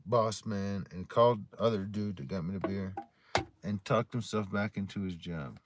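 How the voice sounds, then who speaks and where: A man's voice: on the low side, moderate pace, noisy background. A man casually telling stories to his livestream audience in a rambling, heavily profane way while drinking a beer. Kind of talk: casual storytelling chat to a live audience.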